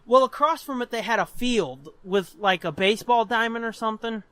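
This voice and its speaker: Young guy on a podcast, really bright voice, swears a lot and cracks himself up telling stories, dry close mic. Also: very high voice, fairly quick, smooth, no room sound. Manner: animated, profane storyteller who laughs often. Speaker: podcast co-host. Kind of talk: casual chat, storytelling.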